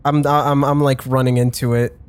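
A woman's voice: extremely low pitch, level tone, normal speed, darkish tone, smooth. A young woman as a player, asking playful questions in character. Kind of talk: tabletop role-play.

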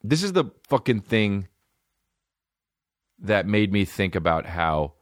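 A man hosting a solo comedy podcast, rambling and swearing as he riffs, bursting into quick mock voices. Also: lowish voice, sing-song, no room sound, clean studio sound. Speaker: podcast host. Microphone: phone.

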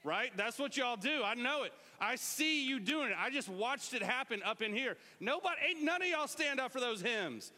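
A man preaching a lively, joking sermon, talking straight to his congregation in a church. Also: extremely high pitch, normal speed, hardly any pauses. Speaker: pastor. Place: church sanctuary. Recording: live church sermon with hall reverb.

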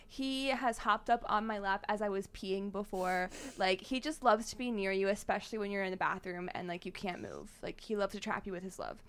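A young woman co-hosting a podcast in casual chat, excitable and quick to gasp and laugh, swearing casually. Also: mid-range voice, smooth. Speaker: podcast co-host.

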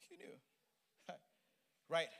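A middle-aged man preaching a sermon, animated and emphatic with playful asides. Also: very slow. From Nigeria.

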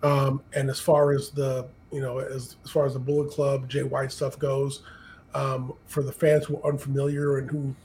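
Brief: man, gravelly mid-pitched voice, measured podcast co-host, faint noise behind. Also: monotone, darkish tone, poor audio. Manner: measured, thinking aloud with many "um"s. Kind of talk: casual wrestling podcast chat.

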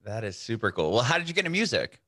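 A man's voice: mid-range voice, sing-song, rapid-fire, bright, forceful tone, dry recording, clean studio sound. A man hosting a podcast over a video call, upbeat and laid-back, calling things awesome and rad. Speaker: podcast host.

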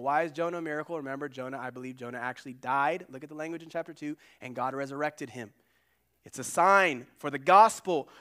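Man, pastor, sermon, high voice, earnest, loud emphasis then quiet asides. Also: smooth.

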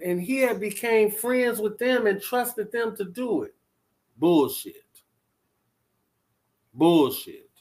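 A man commentating casually on a live stream, blunt and animated, talking straight to his viewers and chat. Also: sits high. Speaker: vlogger reacting to live chat.

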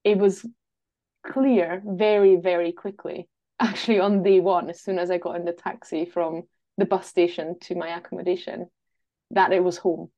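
A woman's voice: on the low side, level tone, moderate pace, warm tone, lo-fi sound. Austrian woman with a Glasgow twang. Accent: Austrian with a Glasgow Scottish overlay. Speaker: guest, travel writer. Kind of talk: casual interview chat.

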